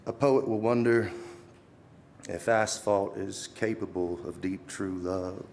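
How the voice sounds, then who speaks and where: A man's voice: fairly low pitch, steady tone, slow, a little mellow, slight background noise. A young man, a student poet, reading his poems aloud at a live reading, casual between pieces and swelling dramatically as he recites.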